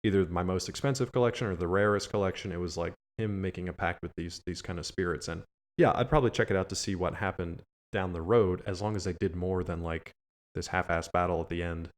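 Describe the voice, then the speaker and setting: A man hosting a casual podcast, talking in a relaxed, meandering way. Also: low-pitched, fast talker. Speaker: podcast host.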